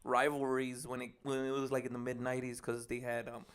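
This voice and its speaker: A man's voice: mid-range voice, completely flat delivery, brisk, clear, resonant tone. A man chatting casually in a laid-back way, mixing in Spanish phrases. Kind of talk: casual chat.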